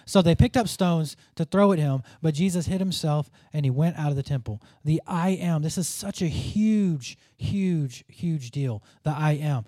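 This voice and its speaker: A man with a fairly high, warm voice teaches through a Bible passage earnestly and informally, at a moderate pace with few pauses. He thinks aloud and restarts sentences as he goes. The recording is dry and close, with no room ring.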